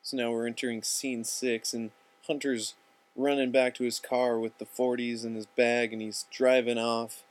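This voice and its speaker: A young man telling a story in a loose, rambling, profane way. His voice sits at an ordinary middle pitch, and his delivery stays casual throughout. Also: level tone, normal speed.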